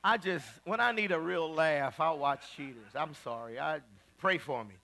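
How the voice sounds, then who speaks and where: A man preaching a sermon in a colloquial, emphatic style, rising to loud repeated lines. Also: a little high, normal speed, creaky. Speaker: pastor.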